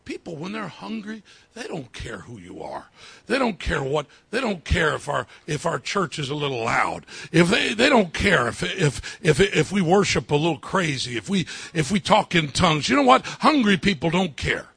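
A male pastor preaching a sermon, repeating his phrases and building up to fervent shouting. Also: fairly high pitch, very animated, moderate pace, vocal fry, breathy edge, dry recording.

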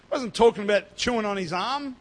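A man giving a sermon as pastor, emphatic and swinging between loud and soft. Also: sits high, brisk.

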